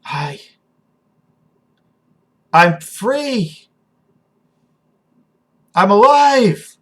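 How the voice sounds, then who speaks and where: A man's voice: on the high side, very animated, drawn-out words, husky, heavily acted. A man voicing a newly revived female flesh creature, stammering in breathless wonder at feeling love. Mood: elated.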